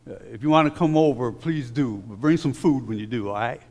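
A man preaching a sermon with emphasis, slowing down to read scripture aloud and dropping into relaxed, stumbling asides to the congregation. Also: mid-range voice, big-room sound. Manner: emphatic, slows down when reading scripture; conversational asides with repeated restarts.

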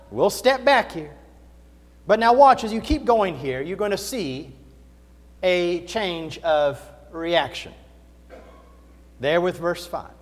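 A man preaching through a Bible passage, teaching with dramatic emphasis and slipping into casual paraphrase. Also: high voice. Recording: echoey hall reverb.

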